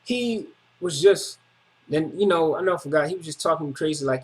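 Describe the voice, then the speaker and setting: A man with a notably high voice recounts a personal story in casual street slang. He repeats phrases for emphasis and speaks emphatically, like a testimony video. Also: moderate pace.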